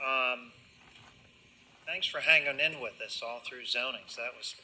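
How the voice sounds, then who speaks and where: A county commissioner speaking at a public meeting in a measured, hesitant way, with many fillers. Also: male voice, mid-range voice, pushed and bright, poor audio.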